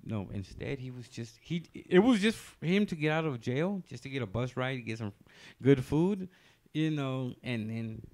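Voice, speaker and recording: A man's voice: medium pitch, animated, moderate pace, darkish tone. A man telling a long personal story on a casual podcast, rambling loosely with many fillers and restarts.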